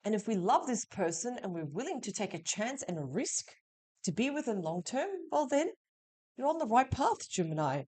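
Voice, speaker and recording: A woman's voice: on the high side, very animated, moderate pace, a little mellow. A woman giving a weekly tarot reading, talking straight to the listener in a reassuring way. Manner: reassuring, addresses the listener directly. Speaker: tarot reader.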